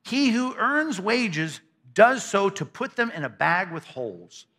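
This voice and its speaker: A man preaching a sermon as pastor to a congregation in a church, emphatic and conversational, often repeating words in quick bursts. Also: high-pitched, very animated, bright, forceful tone. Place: church sanctuary before a congregation.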